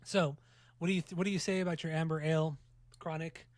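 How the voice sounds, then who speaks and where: Fast-talking joking male podcast host. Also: fairly high pitch, fairly even intonation, no echo. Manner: fast, joking, profane banter. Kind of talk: casual podcast chat.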